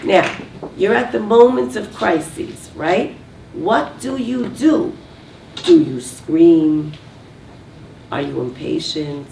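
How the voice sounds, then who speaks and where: A woman giving a talk to a live audience, lively and full of rhetorical questions. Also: medium pitch, slow, gravelly, pauses often. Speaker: speaker giving a talk on relationships. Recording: roomy, distant mic, faint noise.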